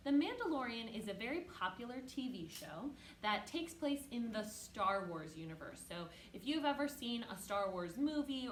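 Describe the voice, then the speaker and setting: A woman teaching an online music lesson to young children, patient and encouraging, who chants rhythm syllables loudly for the kids to copy. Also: mid-range voice, roomy sound, a little hiss or hum.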